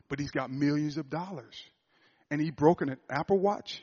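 A man with a fairly high voice tells a story from his coaching work in the cadence of a sermon. He speaks earnestly and often circles back, restarting and repeating his phrases as he goes. The recording is muffled and lo-fi, with little clarity at the top end. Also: moderate pace, darkish tone, slightly rough. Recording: dull lo-fi recording.

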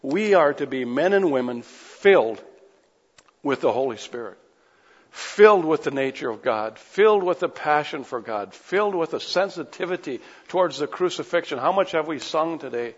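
A man preaching an earnest sermon, moving between quiet reflection and pressing intensity. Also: fairly high pitch, expressive, normal speed, breathy edge. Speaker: pastor. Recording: dull audio with long hall reverb.

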